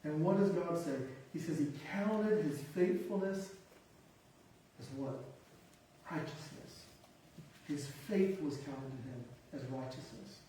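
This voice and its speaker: A pastor preaches a sermon, emphatic yet conversational, tossing in self-deprecating asides and punchy one-word lists. His voice is a little high and mellow, slow with long pauses, picked up from far off in an echoey hall along with a little hiss or hum.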